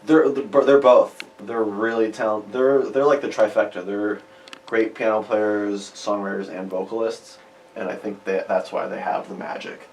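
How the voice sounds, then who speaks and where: A man with a lowish, darkish voice and fairly even intonation speaks at a measured pace. He's a musician from Chicago, chatting and rambling as a guest in a radio studio interview. The sound is roomy, from a distant mic with faint hiss.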